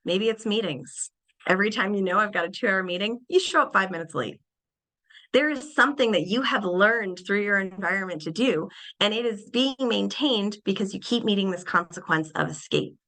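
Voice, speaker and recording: A young adult woman presenting a webinar lecture on behavior, animated and acting out little everyday scenes in changed voices. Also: mid-range voice, moderate pace, rough recording.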